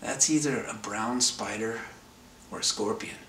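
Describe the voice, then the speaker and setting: A man voicing a calm, matter-of-fact local man who speaks in a slow, deadpan way. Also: fairly low pitch, echoey room, far from the mic, a little hiss or hum.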